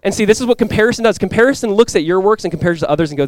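A young man preaching a sermon as a pastor. He talks in a casual, conversational way with lots of "like," and swings from quiet, earnest lows to loud, excited highs. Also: racing, no room sound. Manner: casual and conversational, with many "like" fillers.

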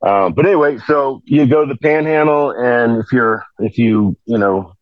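A man's voice: medium pitch, moderate pace, no room sound, lo-fi sound. A man telling a long, rambling story in casual conversation, full of fillers and restarts. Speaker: podcast guest telling stories.

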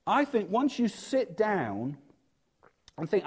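A male church leader preaching in a lively, conversational way, with humorous asides and quieter moments on softer points. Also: high voice, normal speed, breathy edge. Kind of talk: sermon.

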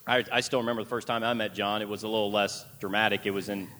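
A man's voice: lowish voice, level tone, fast, bright, forceful tone, a little hiss or hum. Man pastor joking with his congregation. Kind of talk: sermon intro with light humor. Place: church.

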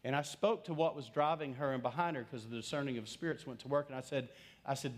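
A man's voice: fairly high pitch, brisk. Storytelling pastor preaching to his congregation. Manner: storytelling, asks the congregation questions. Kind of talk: sermon.

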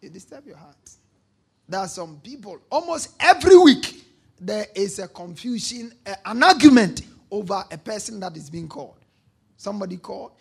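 A man preaching a sermon in a high, gravelly voice with a raspy edge. He hammers key lines again and again, calls on the congregation to say them back, and rises into shouts when he drives a point home. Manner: emphatic preaching, repeating lines and prompting call-and-response. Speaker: pastor.

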